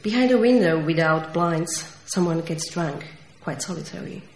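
A woman's voice: fairly low pitch, animated, a little mellow. Central Eastern European woman reading poetry. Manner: slow, measured reading with dramatic stresses. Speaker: poet. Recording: echoey room with faint noise.

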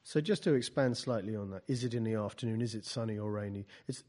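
Halting man leading a poetry workshop. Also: fairly low pitch, a little mellow. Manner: halting, restarts and repeats words, dry wry asides. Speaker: poetry teacher. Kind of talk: workshop talk mixed with reading aloud from his own book.

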